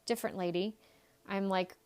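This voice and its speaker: A woman's voice: medium pitch, fairly even intonation, moderate pace, a little mellow, clear, resonant tone. A woman psychologist hosting a podcast, telling a personal story in a candid, emphatic way with blunt swearing.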